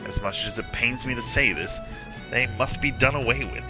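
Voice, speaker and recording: A man voicing a stern, dutiful guard officer in a formal, measured way. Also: mid-range voice, music in the background, close to an everyday voice, rough recording. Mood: grave. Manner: formal, measured reading of quest dialogue.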